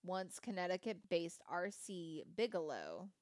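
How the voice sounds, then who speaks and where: A woman podcast host reads a company history aloud in a low, sing-song, darkish voice, going a little slow, then breaks off for casual, wry asides and the odd swear word. She has the hiccups throughout. The recording has no room sound.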